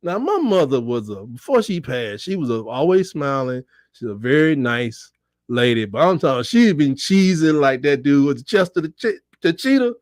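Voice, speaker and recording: In a sing-song voice at a moderate pace, a middle-aged man hosts a relaxed sports livestream, joking and reading chat comments as his voice breaks into squeals. The sound is studio quality, with no room sound.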